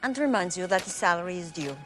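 A woman's voice: fairly low pitch, animated, quick pace, fairly bright tone, soft background music. An actress playing a stern woman relaying a ghost's demands, in a cool, firm delivery.

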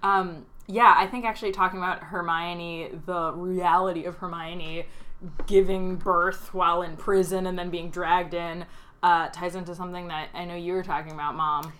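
A woman's voice: lowish voice, flat delivery, moderate pace, fairly bright tone. A young woman hosting a podcast, chatting casually and teasing her mother. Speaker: podcast host.

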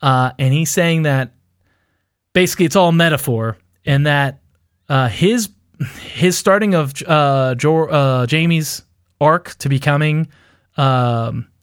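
Rambling man with a slightly high voice. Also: slow, smooth, dry recording, clean studio sound. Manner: rambling, filler-heavy, laughs at his own theories. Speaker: podcast co-host. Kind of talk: casual fan-theory chat.

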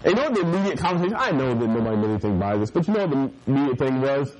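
A man's voice: medium pitch, rapid-fire, highs cut off. Casual joking youth pastor, man. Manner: casual, joking, animated, laughs with audience. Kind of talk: youth group sermon.

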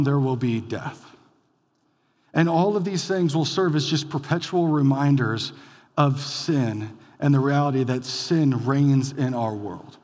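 Fairly high-voiced guy preaching in church, casual talky sermon, gets loud then drops real quiet, big hall echo. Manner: conversational preaching, swings between loud emphatic bursts and quiet drops. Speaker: pastor. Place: church sanctuary.

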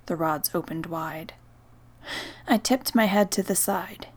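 Slow, soft-spoken woman narrating a story. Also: fairly low pitch. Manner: slow, soft, partly whispered. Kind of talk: first-person story narration.

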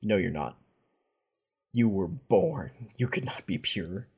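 A man lending his husky voice to a mad female angel from a fantasy story, cold and unsettling, speaking slowly and softly in cryptic lines, a little lower than his usual talk. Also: sing-song, dull audio, exaggerated voice.

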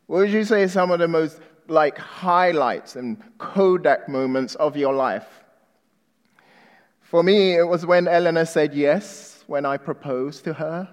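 A male preacher delivering a sermon, quizzing the congregation with emphatic questions and dropping to a hushed tone for appeals. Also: a little high, a little slow. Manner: drops to a hushed, reflective tone for appeals. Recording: long reverb of a large hall.

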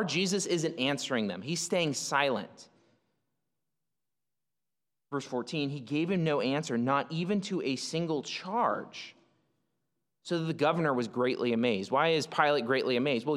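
In a recording drenched in long hall reverb, a pastor delivers an explanatory sermon. His voice sits on the high side with a fairly bright tone, and he often starts phrases over and fills pauses with filler words.

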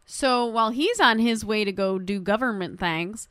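A woman co-hosting a podcast, animated and swearing freely as she acts out quotes. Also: mid-range voice, normal speed, smooth, no echo. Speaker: podcast co-host. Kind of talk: casual recap chat.

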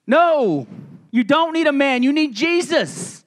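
Male pastor, middle-aged, very high voice, casual jokey sermon delivery. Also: expressive, slow. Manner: humorous, conversational preaching with asides.

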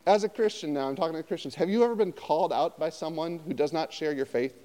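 A man pastor preaching a conversational sermon, often turning to his listeners with quick questions. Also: on the high side, long reverb tail. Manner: conversational, animated, asks the audience often.

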